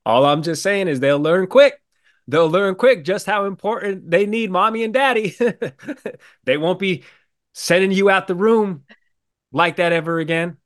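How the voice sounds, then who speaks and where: Joking man, slightly high voice. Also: unhurried. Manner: joking, laid-back banter. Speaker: podcast co-host. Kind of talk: casual chat.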